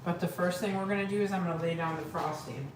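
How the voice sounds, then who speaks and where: Talking quickly in a fairly low voice, a woman who coaches weight loss hosts a live cooking demo in her home kitchen. She's chatty and scattered, addressing viewers directly, with pets and family around, an echoey room, and clear background noise.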